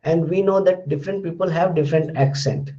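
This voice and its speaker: A man's voice: fairly high pitch, a little fast, warm tone, muffled recording. A male lecturer explaining things step by step, repeating his words and examples with frequent fillers. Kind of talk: recorded lecture.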